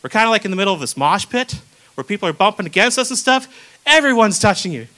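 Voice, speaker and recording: A man's voice: high-pitched, big pitch swings, fast, pushed and bright, low-quality recording. A young man preaching a casual, conversational sermon, acting out the people in the stories he tells.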